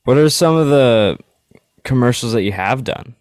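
A man hosting an interview, asking relaxed questions and giving short affirmations. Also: mid-range voice, normal speed, no echo, studio quality. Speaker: podcast host. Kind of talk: casual interview.

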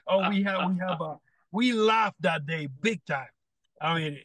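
Animated high-voiced Puerto Rican man. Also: moderate pace, dry recording. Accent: Puerto Rican Spanish. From Puerto Rico. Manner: animated, acts out quotes, loose non-native grammar. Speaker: guest. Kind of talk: podcast storytelling.

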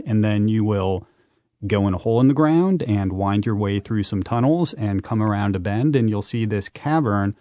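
A man, a guest on a radio interview, telling adventure stories in an animated, emphatic way. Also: fairly low pitch, moderate pace, no room sound. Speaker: guest, urban explorer and author.

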